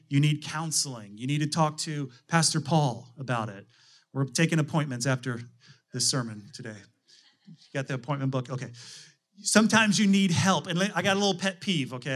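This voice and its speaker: A man's voice: a little high, a bit bright. Man preaching a casual, conversational sermon. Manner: conversational preaching with frequent restarts and rhetorical questions. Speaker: pastor.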